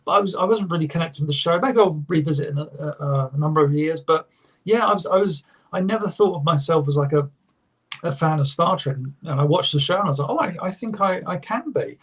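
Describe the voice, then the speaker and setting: A man chatting on a live panel show, often halting and restarting his sentences. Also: fairly high pitch, husky. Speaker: guest. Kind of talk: casual panel chat.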